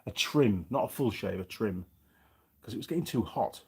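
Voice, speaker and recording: The middle-aged English host of a YouTube mechanic channel, whose Yorkshire accent is slightly faded, chats casually on a livestream and reads out viewer comments. His fairly low voice is husky and a little mellow, expressive, and paced moderately.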